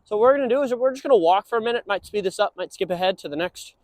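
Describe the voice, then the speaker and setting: A young male dog trainer talks through a lesson in a relaxed, conversational way. His pitch swings widely, jumping up into bright sing-song praise for the dog. The sound is dry and close, with little room around it. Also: very fast, no echo. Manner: casual explaining, breaking into high sing-song praise for the dog. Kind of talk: instructional walk-and-talk.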